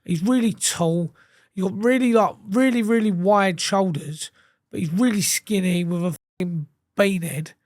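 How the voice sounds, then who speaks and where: A man's voice: sits high, moderate pace, no room sound, clean studio sound. A man, a podcast guest telling blunt stories full of swearing and restarts. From England. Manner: blunt, swearing, animated storytelling with repeated restarts. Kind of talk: casual chat.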